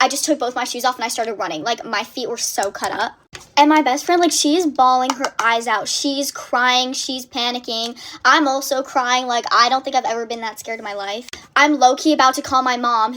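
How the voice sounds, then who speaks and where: A young woman telling a story in a casual vlog, animated and breathless, packed with filler words. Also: sits high, slight background noise.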